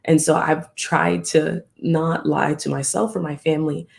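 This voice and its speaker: Candid host with a gravelly edge. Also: mid-range voice, little pitch movement, measured pace. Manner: reflective, candid, acts out remembered exchanges. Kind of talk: casual live-stream talk.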